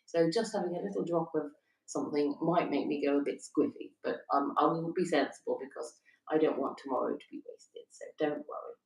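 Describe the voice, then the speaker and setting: Her voice is low, creaky and a little mellow, and she talks a bit fast. She's co-hosting an evening livestream from a Welsh holiday stay, nursing a stiff neck while chatting, giggling and reading comments from viewers, recorded far from the mic with a roomy echo.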